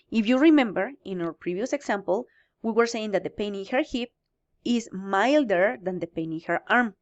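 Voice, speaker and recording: A woman's voice: mid-range voice, lively intonation, normal speed, muffled recording. A woman teaching English grammar in a recorded lesson, explaining step by step and answering her own questions.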